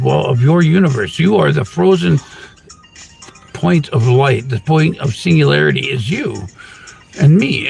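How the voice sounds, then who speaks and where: A man hosting his own channel, delivering a rambling spiritual monologue full of wordplay and rhymes, with sudden loud bursts. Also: medium pitch, vocal fry. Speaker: channel host.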